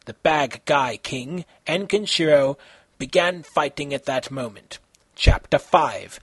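A man reading his own fan fiction aloud in an amateur, halting way, with slips and self-corrections. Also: on the high side, breathy edge, dry recording.

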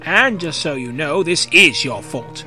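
A sharp-tongued heartbroken teen girl, read by a man in a bright, slightly high voice, fast and sarcastic, a faint bit of music behind. the hurt shows under the sarcasm. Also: animated, heavily acted. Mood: bitter. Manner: sarcastic, quick, rising to anger. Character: bitter heartbroken teenage girl, sarcastic heroine.

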